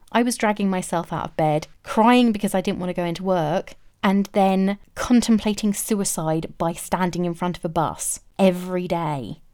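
Woman vlogger, candid first-person story, fairly low pitch, reflective and matter-of-fact. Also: a little mellow.

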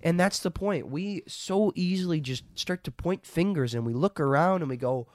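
A Bible teacher who lives in North Dakota reads Scripture aloud, then explains it in an earnest, conversational way during a casual reading and discussion. His voice is on the high side, expressive and a little mellow, at a normal speed. The recording is dry, with clean studio sound.

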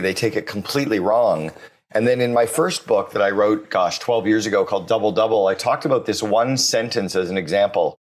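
Low-voiced enthusiastic podcast host man. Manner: enthusiastic, emphatic repetitions. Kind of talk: business interview.

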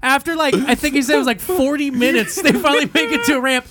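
Background noise accompanies a very high-pitched young man speaking fast on a podcast. He tells a casual story, cursing often, laughing between lines, and keeping it animated.

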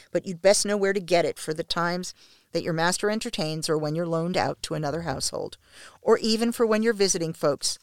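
Smooth, dry-voiced woman storyteller. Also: on the low side, dry recording. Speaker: narrator. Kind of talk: first-person story reading.

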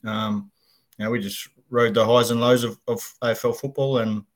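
A middle-aged man with an Australian accent, a guest in a casual interview, talking in a relaxed way with many pauses and ums. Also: medium pitch. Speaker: guest, retired footballer.

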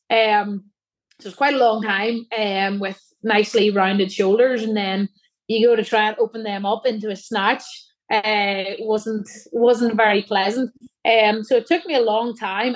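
A young woman from Ireland, a guest athlete chatting casually, laughing often and rambling with lots of fillers. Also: fairly high pitch. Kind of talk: casual chat.

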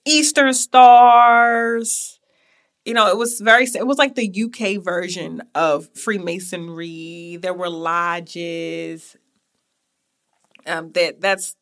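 Bright-voiced chatty woman podcast host. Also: lowish voice. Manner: chatty, digressive, with asides to listeners. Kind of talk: casual storytelling chat.

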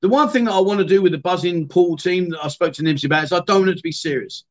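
A man's voice: high voice, racing. A middle-aged British man hosting a casual livestream, chatting loosely with viewers, often trailing off and restarting his sentences. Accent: British English. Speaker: livestream host. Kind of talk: casual livestream chat reading viewer comments. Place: home streaming room.

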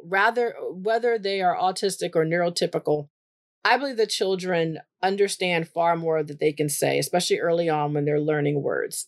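A woman therapist telling a story from her work in a casual, animated way, leaping up in pitch when she quotes herself. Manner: chatty, animated, jumps high when quoting herself. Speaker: therapist for autistic children.

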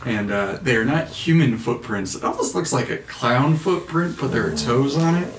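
A man's voice: mid-range voice, expressive, normal speed, a little hiss or hum. Man narrating a tabletop game in an echoey room. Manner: casual, loose scene-setting with fillers. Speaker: game master. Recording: echoey room, mic at a distance.

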